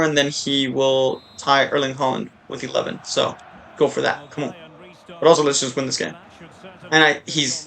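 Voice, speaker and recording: A man giving casual, rambling live commentary while playing a soccer video game, often breaking into excited shouts and cheers. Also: fairly high pitch. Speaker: gaming YouTuber.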